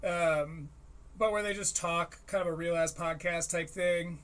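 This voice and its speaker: A man's voice: a little high, fairly even intonation, measured pace, a bit bright, clean tone. A young man hosting a solo podcast, riffing wryly on comedy and reading aloud. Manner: rambling, riffing and wry. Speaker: podcast host. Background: faint harp music.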